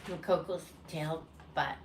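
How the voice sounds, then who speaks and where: A parrot owner who hosts a pet bird channel chats slowly at home in a rambling home vlog, cooing at her birds in a high sing-song voice. There's heavy background noise.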